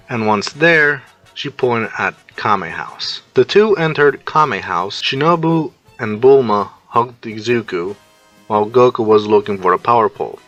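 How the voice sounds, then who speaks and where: A man's voice: mid-range voice, fairly bright tone, no echo, lo-fi sound. A man reading a fan fiction story aloud as narrator, telling it plainly and introducing each character's line.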